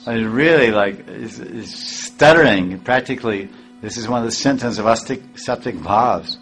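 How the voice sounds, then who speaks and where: A man teaching a devotional scripture class, halting and repeating words, chuckling often and reciting verses with rising emphasis. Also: medium pitch, a bit bright, faint music behind, poor audio. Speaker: spiritual teacher.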